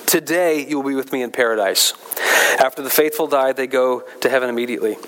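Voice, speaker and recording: A man's voice: mid-range voice, quick pace, a bit bright, slight background noise. A man preaching a sermon in a church, talking conversationally with asides and rising emphasis. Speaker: pastor.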